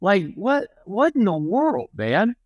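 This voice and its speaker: A man's voice: high-pitched, wildly swooping pitch, takes it slowly, dry recording, dull audio. A young man co-hosting a podcast, chatting casually and rambling with many restarts. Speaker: podcast co-host. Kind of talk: casual chat.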